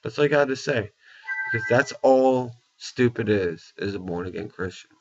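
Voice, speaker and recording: A man's voice: mid-range voice, expressive, normal speed, music in the background. A man in an angry, profane rant, blunt and repetitive, tagging his points with "okay?" and "you know". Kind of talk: angry opinion rant to camera. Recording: dull lo-fi recording.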